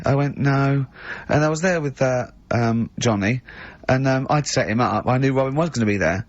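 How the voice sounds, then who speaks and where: A man hosting a radio show, telling an animated story in casual chat and laughing often. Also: medium pitch, normal speed, no room sound. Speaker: radio host. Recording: dull lo-fi radio recording.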